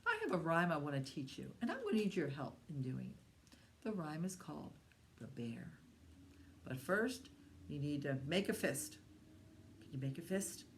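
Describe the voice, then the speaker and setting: Low-voiced woman leading a children's storytime. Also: normal speed, long pauses, a little hiss or hum. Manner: animated, coaxing voice for young children, often dropping to a hushed whisper; asks the children questions and invites them to join in. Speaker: children's librarian.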